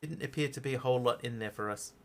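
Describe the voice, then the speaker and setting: A man's voice: mid-range voice, fast talker, background noise. A man streaming a game live, chatting casually and greeting viewers while he plays. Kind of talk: live gameplay commentary.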